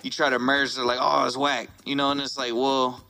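A man's voice: mid-range voice, fairly quick, creaky, poor audio. A man telling stories in casual chat, acting out quotes and swearing often. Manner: animated storyteller, acts out quotes, swears often. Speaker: podcast guest, rapper.

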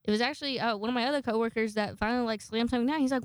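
A woman's voice: mid-range voice, racing, hardly any pauses, clear, resonant tone, no room sound. A young woman hosting a casual show, telling rambling stories with lots of swearing and self-mockery. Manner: rambling, profane, self-mocking. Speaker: podcast host. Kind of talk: casual storytelling chat.

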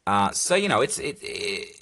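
Young male podcaster, very low voice, profane rambling solo chat. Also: very animated, moderate pace, bright, forceful tone. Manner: rambling, profane, jokey asides. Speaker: podcast host. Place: recording alone on a phone. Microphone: phone.

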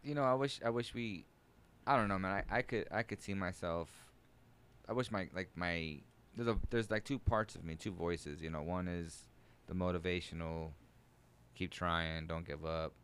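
A man's voice: low voice, normal speed, fairly bright tone, clear, resonant tone. A man co-hosting a podcast in a studio, wry and laid-back in casual chat. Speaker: podcast co-host.

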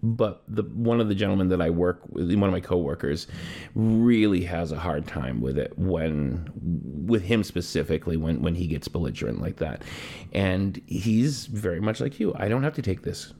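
A man's voice: low-pitched, animated, moderate pace, mellow. A man co-hosting a podcast, telling a work story in casual chat with many fillers and quoted lines. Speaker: podcast co-host; works in mental health care. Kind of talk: casual conversation.

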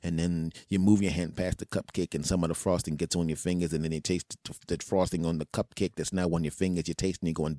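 A man's voice: deep voice, little pitch movement, quick pace, hardly any pauses, dark tone, dry recording, studio quality. A man hosting a podcast, telling a rambling comic story and repeating himself for laughs. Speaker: podcast host.

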